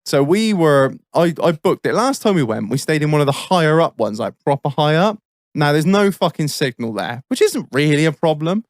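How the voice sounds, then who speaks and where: An Englishman in his thirties rattles off a holiday anecdote on a casual podcast, swearing in nearly every sentence. His pitch bounces around a lot as he talks, and his voice is close and dry with no room echo. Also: sing-song, moderate pace. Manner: swears constantly, rambling anecdotes with frequent laughs. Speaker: podcast host.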